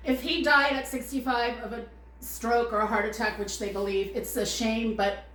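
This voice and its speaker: A woman's voice: on the high side, steady tone, normal speed, fairly bright tone, roomy sound. A woman co-hosting a casual talk show, chatty and self-deprecating, often trailing off mid-thought. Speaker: co-host. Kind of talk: casual chat. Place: studio.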